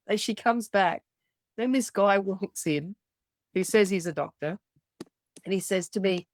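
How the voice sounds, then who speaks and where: A woman's voice: mid-range voice, a little slow, pauses often, no room sound. A middle-aged woman with an Australian accent, a podcast guest telling her story candidly and bluntly, swearing freely and acting out the voices of others.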